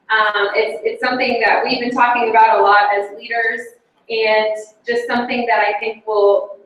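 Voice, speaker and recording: A chatty, bubbly woman speaks to her team at a meeting in a slightly high voice, with lots of fillers and little laughs. Her voice comes from some distance and rings around a very echoey room. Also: fairly bright tone. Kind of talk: casual motivational talk to a group. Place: meeting room with a live audience. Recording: very echoey room, mic far off.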